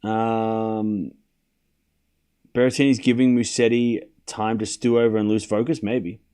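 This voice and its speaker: A man's voice: fairly low pitch, level tone, measured pace, dark tone, clean tone. A young man hosting a live tennis watchalong, chatting casually with his stream chat and calling the score in a rambling way. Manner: chatty, rambling, with fillers and restarts.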